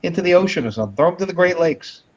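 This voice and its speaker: A high-voiced man talks fast and bluntly, and his pitch swings widely as he hammers his points home by repeating words. His audio comes through dull and lo-fi. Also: lively intonation, slight background noise. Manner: blunt, emphatic, repeats for stress. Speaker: host. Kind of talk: livestream commentary.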